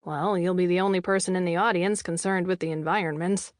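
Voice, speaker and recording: Woman voicing a gentle, insistent young boyfriend. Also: on the low side, steady tone, fairly quick, dry recording, close to an everyday voice. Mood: concerned. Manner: soft, concerned and probing. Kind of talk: audiobook character dialogue. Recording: dry studio voice-over.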